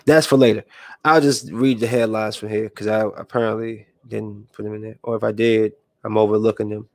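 A man with a lowish voice, speaking a little fast, casually comments on the news from a room with a window. He reads each headline in a flatter tone, then loosely rambles, pausing to react and vent. There's no room sound.

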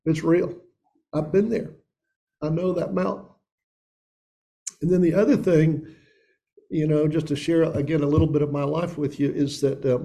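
A pastor from the mountains of talks to his church in a loose, folksy way, with the of that region. His voice sits a little high for a man, but it has a gravelly, fried texture and a dark, mellow tone. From Upper East Tennessee. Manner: folksy and conversational, addresses listeners as guys and dude. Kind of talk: casual sermon opening.

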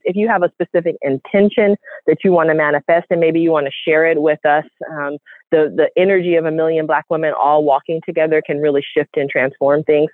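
A woman co-hosting a casual call-in podcast, relaxed and inviting as she talks to listeners. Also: deep voice, dry recording. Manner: relaxed, inviting, loose with fillers. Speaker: co-host. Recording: tinny phone line, dry.

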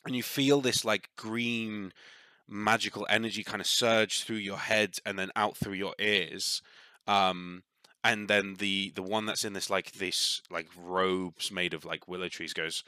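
A man's voice: lowish voice, steady tone, a little slow, pushed and bright, clear, resonant tone, no room sound. A man narrating as game master of a tabletop game, rambling with many fillers and restarts.

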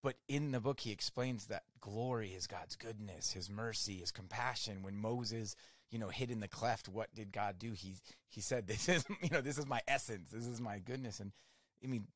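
A man hosting a faith conversation, reflecting warmly on what his guest said and adding his own thoughts. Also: fairly low pitch, moderate pace, dry recording, studio quality. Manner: affirming, reflective, many "so good" replies. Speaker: interview host.

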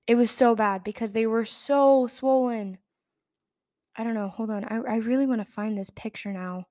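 Rambling young woman with a higher voice. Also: moderate pace, dark tone. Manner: rambling, filler-heavy, restarts often. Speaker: podcast host. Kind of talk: casual storytelling.

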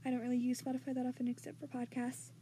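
Chatty high-voiced young woman podcaster. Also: completely flat delivery, racing. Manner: chatty, self-deprecating, drifts into soft whispers. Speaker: podcast host. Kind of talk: casual reading of listener comments. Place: home room with vacuum running nearby. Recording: faint household background noise. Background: faint vacuum noise.

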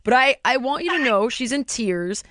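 A woman's voice: a little high, lively intonation, moderate pace, a bit bright, dry recording, studio quality. Blunt, swearing woman podcast host. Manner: frank and blunt, swears freely, storytelling. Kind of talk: candid casual podcast chat. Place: podcast studio.

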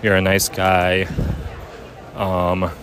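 Low-voiced young man, halting. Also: completely flat delivery, fairly bright tone, slight background noise, poor audio. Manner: halting, many ums and likes. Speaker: vlogger. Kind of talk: casual personal storytelling.

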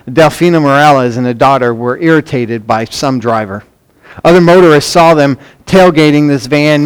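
A man's voice: on the high side, smooth. A man preaching a sermon, emphatic and earnest, often repeating words as he drives points home. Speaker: pastor.

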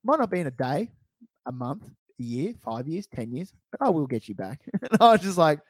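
A man's voice: a little high, sing-song, moderate pace, dry recording. A man, co-hosting a podcast in casual banter. He tells stories playfully and acts out the quotes. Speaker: podcast co-host.

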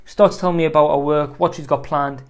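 A man with a slightly higher-than-usual voice, chatting casually as a small business owner sharing advice. He rambles through his story with plenty of asides and a loose, conversational flow. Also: steady tone, fairly quick. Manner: chatty, rambling, frequent "you know" asides. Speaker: lawn care business owner.

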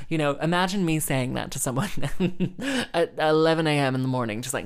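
A woman's voice: sits low, moderate pace, smooth. A woman who plays the harp, telling a rambling, chatty anecdote full of "like" and small laughs. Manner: chatty and rambling, heavy use of "like", laughing between phrases. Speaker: harpist. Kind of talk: casual anecdote storytelling.

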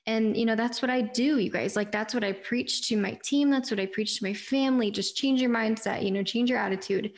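A woman's voice: a little high, fairly quick, few pauses. Chatty earnest woman podcast host. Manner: chatty, earnest, says "you guys" often. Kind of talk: faith-based pep talk podcast.

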